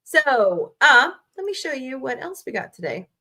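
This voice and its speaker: A woman hosting a casual livestream from home, chatty and animated, reacting with quick outbursts. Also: high voice. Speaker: livestream host.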